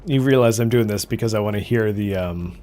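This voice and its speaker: A man's voice: fairly low pitch, fairly quick, darkish tone, faint music behind. A man streaming a video game, giving playful, jokey commentary. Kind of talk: casual gameplay commentary.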